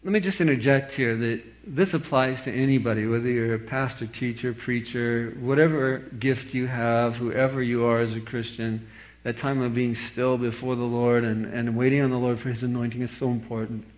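A man preaching a sermon, moving from slow, deliberate scripture reading to animated storytelling. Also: medium pitch. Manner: animated storytelling, voice rising sharply when quoting others; reads scripture slowly and deliberately. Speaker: pastor.

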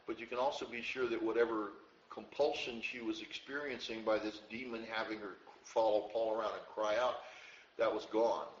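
A man preaching a verse-by-verse Bible teaching sermon in a conversational way, getting louder when he quotes a verse and dropping low for asides. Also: slight background noise. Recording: roomy, dull audio with faint ambience.

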